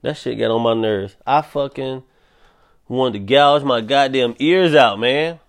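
A young man hosting a solo podcast, ranting in a profane, animated way. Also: medium pitch, measured pace. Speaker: podcast host.

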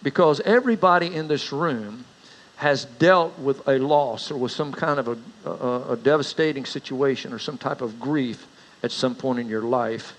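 A middle-aged male pastor preaches a sermon at a normal pace, spinning stories in a folksy way and rising in pitch for the anecdotes. The audio quality is poor.

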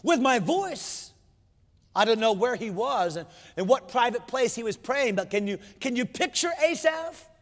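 A man's voice: very high-pitched, lively intonation, normal speed, a bit bright, long reverb tail. A pastor preaching a sermon to his congregation, emphatic, repeating his phrases and asking rhetorical questions.

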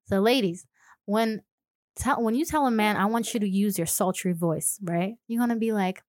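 A woman's voice: mid-range voice, moderate pace, darkish tone, no echo, clean studio sound. A woman chatting casually as a podcast co-host, playfully acting out little scenes and dropping into a sultry voice. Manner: playful, acts out scenarios, drops to a sultry voice. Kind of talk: casual chat.

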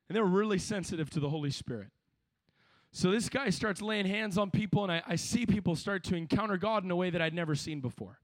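A young man preaching a sermon to young people at a camp, building from quiet storytelling to passionate shouting. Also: high-pitched, dry recording.

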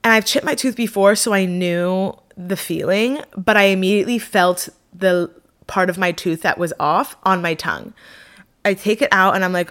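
A young woman vlogger telling a personal story in a casual, animated way, full of fillers and dramatic self-mockery. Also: mid-range voice, normal speed.

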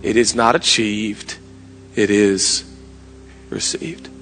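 A man in his thirties preaching a sermon with passion, his voice climbing to shouts and dropping to quiet asides. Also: on the low side, takes it slowly. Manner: impassioned preaching, rising to shouts. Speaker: pastor. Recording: long hall reverb, music behind.

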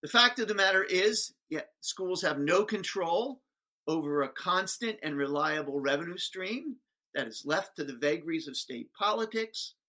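A man recounting an anecdote with lively, self-mocking energy, acting out each exchange. His pitch swings widely and his tone stays bright and forceful throughout. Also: moderate pace. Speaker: guest speaker. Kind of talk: animated storytelling.

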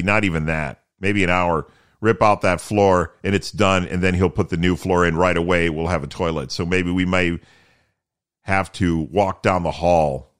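A man from Canada hosting a casual solo podcast, chatty and rambling with self-deprecating asides, his voice a little deeper from early morning. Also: fairly bright tone. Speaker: podcast host.

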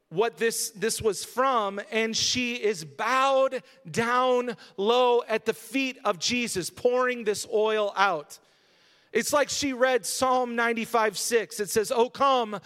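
The male pastor's very high-pitched, fairly bright voice fills a church sanctuary with long reverb. He preaches in a conversational style that rises to emphatic moments.

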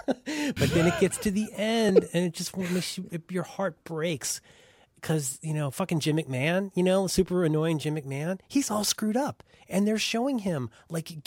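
A man's voice: a little high, a little mellow, dry recording, clean studio sound. A man co-hosting a podcast, telling rambling, wry stories in casual chat and swearing freely. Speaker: podcast co-host.

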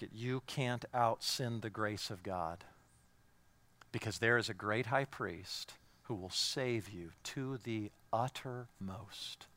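A man preaching a sermon to a congregation, asking them direct questions and swinging between hushed, near-whispered intimacy and raised, emphatic declarations. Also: mid-range voice, no echo. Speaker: pastor.

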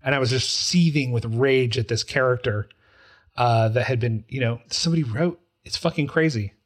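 Man in his forties, middle pitch, casual podcast chat; emotional, animated storyteller who slips into quoted voices. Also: normal speed. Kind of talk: casual chat about a TV show.

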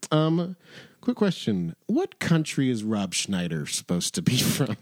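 A man's voice: mid-range voice, wildly swooping pitch, no echo, studio quality. Man, podcast co-host, casual movie chat, joking, laughs a lot. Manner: joking, laughs often, quick teasing questions.

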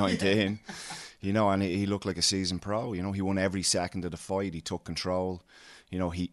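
Man, coach, slightly hoarse, very low pitch, dry close sound, emphatic. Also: dry recording. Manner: emphatic, says "you know" often. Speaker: MMA coach. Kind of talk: interview answers.

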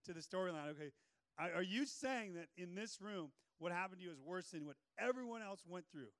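A male pastor preaching a sermon in an energetic, joking way with playful asides. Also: sits high, a little fast, no room sound.

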